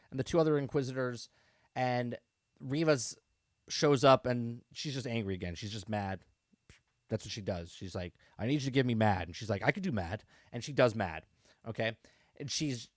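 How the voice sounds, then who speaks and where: A man's voice: mid-range voice, dry recording, clean studio sound. A man hosting a podcast, giving a casual, rambling review of a TV episode with sarcastic asides and frequent restarts. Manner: rambling, sarcastic, with repeated restarts and "okay?" tags. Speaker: podcast host reviewing a show.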